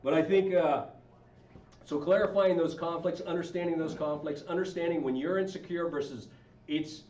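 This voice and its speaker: A man with a fairly high, darkish voice talks informally about marriage to a group, asking them questions as he speaks at a moderate pace. Slight background noise is present, and the room sounds echoey and dull, with the mic set far off.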